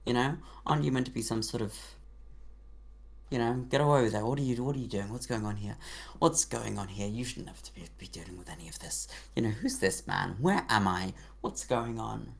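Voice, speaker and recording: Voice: medium pitch, fairly quick, vocal fry, natural voice. A person putting on a confused, bossy tiny mouse king. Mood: bewildered. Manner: rambling, bewildered questions. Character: confused but authoritative small male mouse king.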